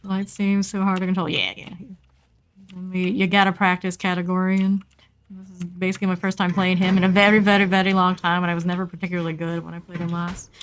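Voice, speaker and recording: A woman streamer giving casual, chatty commentary while playing a game, talking to herself with playful asides and sudden excited squeals. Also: fairly low pitch, fast talker, slight background noise.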